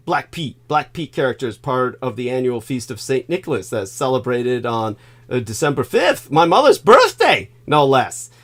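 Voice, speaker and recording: A man hosts a loose online stream, talking through a web call. He pauses on "uh" often and bursts into loud, high laughter. His voice sits at an ordinary middle pitch. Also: big pitch swings. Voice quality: laughs loudly and often, frequent fillers. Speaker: host. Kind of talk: casual livestream chat.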